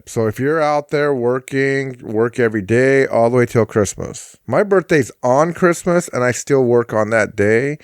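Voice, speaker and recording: A man in his forties talks casually on a podcast, rambling through driving stories with a self-deprecating streak and plenty of restarts. His voice sits at an ordinary pitch and comes across dry and close, with no room sound. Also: a little mellow, clear, resonant tone, dry recording. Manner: chatty storyteller, self-deprecating, frequent restarts. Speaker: podcast host and rideshare driver.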